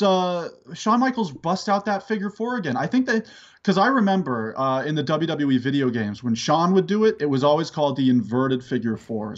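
Excitable man on a dull lo-fi mic. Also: fairly high pitch. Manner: laughs easily, excitable, swears. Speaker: podcast co-host. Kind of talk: casual wrestling chat.

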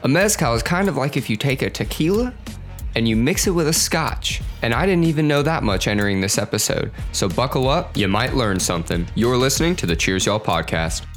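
A man hosts a casual podcast from a studio, keeping things upbeat and teasing his guests. His voice sits at an ordinary middle pitch, and faint music plays quietly behind him. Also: expressive, a little fast. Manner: upbeat, joking, running the show. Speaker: podcast host. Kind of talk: casual chat.

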